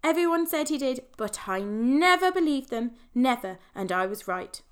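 A woman voicing an excitable middle-aged male scientist uncle, breathless and eager. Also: high-pitched, normal speed, clean tone, pitched above the performer's own voice. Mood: elated.

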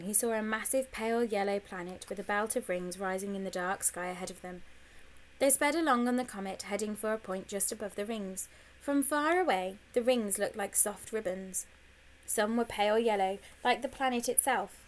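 A woman narrating a children's audiobook, reading in a clear, expressive storytelling voice. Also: mid-range voice, normal speed, rough recording. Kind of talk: scripted narration.

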